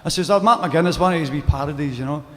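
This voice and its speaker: Chatty Scottish folk singer, echoey live. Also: male voice, on the high side, fast talker, a bit bright. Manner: chatty, rambling, bursts into song. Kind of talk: storytelling between songs at a live gig. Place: outdoor square at a live event.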